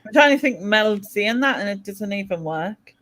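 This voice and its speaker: A woman hosting a casual chat with friends, chatty and quick to laugh at herself. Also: mid-range voice, lively intonation, a bit bright, poor audio. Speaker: host.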